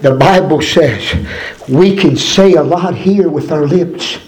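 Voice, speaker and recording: Male preacher, fervent sermon, echoey church recording. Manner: builds from low, measured speech to high, shouted preaching. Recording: echoey church room, far from mic, congregation.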